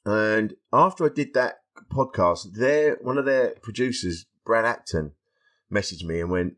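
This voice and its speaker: A middle-aged man, speaking in a fairly low register. He is a stand-up comedian guesting on a podcast, recounting his life candidly and acting out bits of dialogue. His tone is frank and self-deprecating. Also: expressive, a little slow, a bit bright. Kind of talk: candid conversational storytelling.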